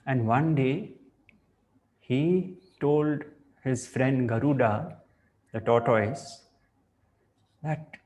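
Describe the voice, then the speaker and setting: A man giving a spiritual talk, reflective and deliberate, weaving in a parable. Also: mid-range voice, darkish tone. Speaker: spiritual teacher.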